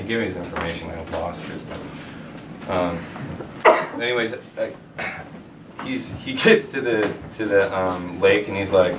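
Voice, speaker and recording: A man telling a personal story live on stage, rambling and halting, with restarts and swearing. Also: sits low. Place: live venue with an audience. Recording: roomy, distant live recording with noise.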